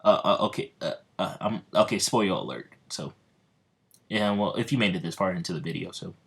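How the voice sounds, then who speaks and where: Young guy, lowish voice, rambling excitable fan-story narrator. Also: fairly quick, gravelly. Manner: rambling, filler-heavy, excitable. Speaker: storyteller, video creator.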